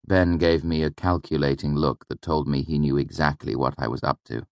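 Male narrator, deep low voice, measured first-person storytelling, dry close mic. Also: steady tone, gravelly, no echo. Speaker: audiobook narrator.

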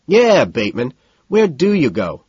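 A man voicing an eager, loud young businessman, on a dull lo-fi recording. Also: mid-range voice, wildly swooping pitch, unhurried, slightly rough, no echo, voice pushed up, exaggerated voice.

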